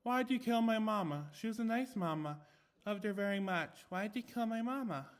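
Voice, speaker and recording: A man voicing a creepy childlike talking doll that grieves and accuses, repeating its lines in a high, shrill tone, recorded without a proper microphone. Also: expressive, fairly quick. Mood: accusing. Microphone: no dedicated microphone.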